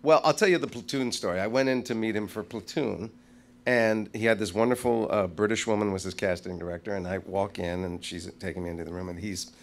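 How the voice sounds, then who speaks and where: Man, middle-aged, guest storyteller, animated, self-deprecating, live stage. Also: on the low side, a little fast. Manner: animated, self-deprecating, acts out voices in his stories. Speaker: guest actor. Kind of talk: anecdotal storytelling. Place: live stage before an audience.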